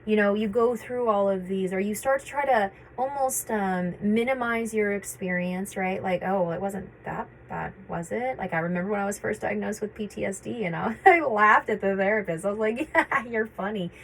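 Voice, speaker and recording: Woman, casual reflective vlog talk, mid-pitched voice, faint background hiss, halting with fillers. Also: rough recording. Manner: conversational, reflective, frequent fillers and restarts. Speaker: vlogger sharing personal experience.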